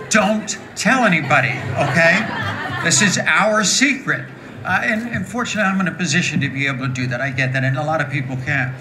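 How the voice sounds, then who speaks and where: Bright, forceful voice, deep and raspy, from a woman in her late sixties. She talks openly and with humor to a live crowd. There is a faint hiss behind her. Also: poor audio. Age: 60s. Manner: frank, joking, animated storytelling. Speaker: guest speaker. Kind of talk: candid live talk with audience.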